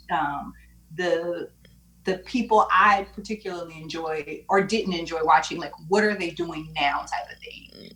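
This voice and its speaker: A woman guest chatting casually on a podcast, animated, acting out what others said. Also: mid-range voice, low-quality recording. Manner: animated, quotes people in acted voices. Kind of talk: casual chat.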